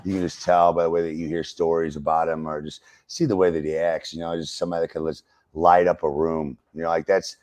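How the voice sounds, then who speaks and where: American man, very low voice, dry mic, profane casual storyteller, filler-heavy. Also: flat delivery, quick pace, a little mellow, dry recording. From United States. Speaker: wrestler and stand-up comic guest. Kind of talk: casual uncensored interview.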